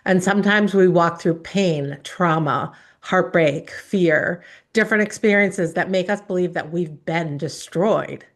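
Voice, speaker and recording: A woman giving an earnest, emotional speech built around her own life story, with dramatic pauses. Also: fairly low pitch. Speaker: speaker.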